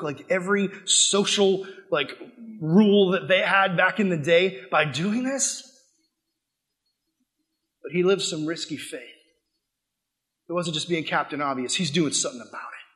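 A young man preaching a sermon as pastor, animated, swinging from loud acted-out quotes to quiet, earnest asides. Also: on the high side.

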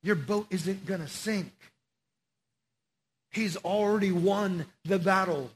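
A man preaching a casual sermon to young people, slangy and animated as he tells the story. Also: high voice, slow pace.

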